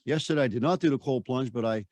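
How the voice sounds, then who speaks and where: A man's voice: mid-range voice, fast talker, a little mellow, dry recording. An older man, a personal development mentor, talking in a casual interview. He is emphatic, repeats himself and acts out voices as he tells stories.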